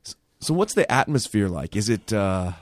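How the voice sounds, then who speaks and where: A man's voice: lowish voice, big pitch swings, moderate pace, dry recording. A man hosting a podcast, asking casual interview questions in a hesitant, eager way with fillers. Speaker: podcast host.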